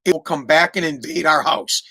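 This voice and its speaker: A man doing his quiet stern father. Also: fairly high pitch, moderate pace, voice pushed down. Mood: calm stern.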